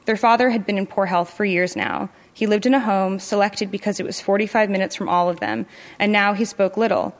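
In a measured, even storytelling manner, a woman with a medium-pitched voice reads a literary short story aloud.

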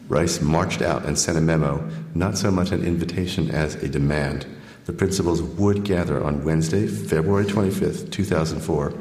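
A man, an author, reading from his book and then taking questions, measured when reading and full of fillers when answering. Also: extremely low pitch, darkish tone. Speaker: author giving a talk. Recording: echoey hall, long reverb.

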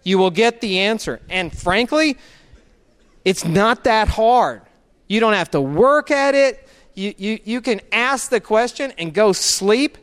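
Motivational speaker, male, high and clear, storytelling, drops low and slow for emphasis, hall reverb. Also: animated, fairly bright tone. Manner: storytelling, acts out his own inner voice; slows down and lowers his voice for emphasis. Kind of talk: motivational talk.

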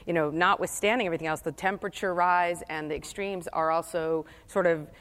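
A woman's voice: lowish voice, steady tone, fairly quick, fairly bright tone. A woman moderating a panel discussion, conversational and passionate.

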